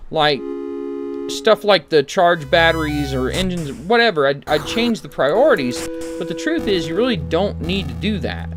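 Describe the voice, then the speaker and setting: A man streaming a retro computer game, talking it through in a casual, rambling way. His pitch moves around a lot, sitting a little high for a man, and he drops dry, sarcastic asides. Music plays clearly behind him. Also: animated, normal speed. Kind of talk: casual gameplay commentary.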